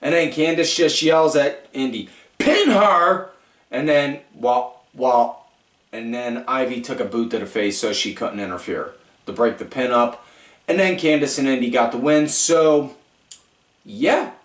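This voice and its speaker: A man hosting a podcast, rambling through a casual recap with lots of fillers and animated storytelling. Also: medium pitch, moderate pace. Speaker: podcast host. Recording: echoey room, far from mic.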